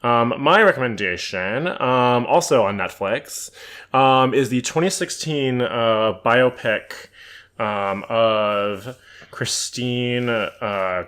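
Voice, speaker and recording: A man co-hosting a podcast in casual chat, talking haltingly with many ums and restarts. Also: mid-range voice, fairly bright tone, clean tone. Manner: filler-heavy, hesitant, with repeated restarts. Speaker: podcast co-host.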